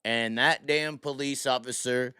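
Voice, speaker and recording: A man's voice: medium pitch, measured pace, clean tone, dry recording, clean studio sound. Profane man telling a story. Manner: animated, profane, acts out the people in his story. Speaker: podcast host. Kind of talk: casual live-stream storytelling.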